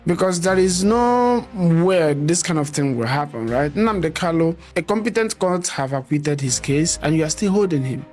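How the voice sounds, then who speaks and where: Fast-talking Nigerian man, high-pitched. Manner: animated, argumentative, fast-talking. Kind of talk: casual political discussion. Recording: faint music underneath.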